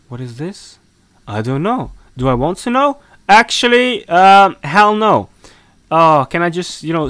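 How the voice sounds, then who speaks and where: A high, bright-voiced man narrating a horror game as he plays, his pitch leaping all over the place. He mutters to himself, scolds the characters in mock outrage, and yelps when startled. The sound is dry and close to the microphone. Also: no echo. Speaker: gaming commentator. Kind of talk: let's play commentary.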